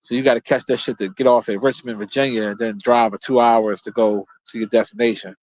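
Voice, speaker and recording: A man's voice: mid-range voice, fairly even intonation, brisk, darkish tone, no room sound. A man hosting his own show, telling loose, rambling stories in a casual, profane, laid-back way. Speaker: show host. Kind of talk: casual storytelling monologue.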